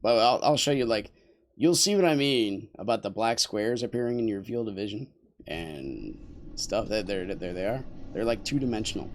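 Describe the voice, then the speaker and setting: A young man with a lowish, expressive voice chats casually to his stream at normal speed while playing a game. He rambles and jokes with viewers and teammates, and there's a little hiss or hum in the audio.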